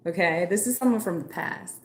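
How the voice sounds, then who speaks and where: A woman's voice: fairly low pitch, fairly quick. Chatty, slangy woman reading tarot live. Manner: chatty, slangy and playful, with frequent "like" and "okay". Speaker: tarot reader.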